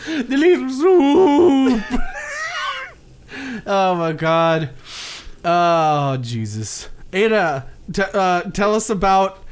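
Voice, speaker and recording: A man co-hosting a comedy podcast, giggly and excitable, swearing in casual chat. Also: high voice, drawn-out words, a little hiss or hum. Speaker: podcast co-host.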